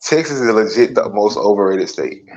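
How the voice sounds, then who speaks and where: A man's voice: on the low side, expressive, moderate pace, a little mellow, muffled recording, slight background noise. A man chatting casually with friends on an online voice call, laid-back and full of slang and profanity. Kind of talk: casual chat.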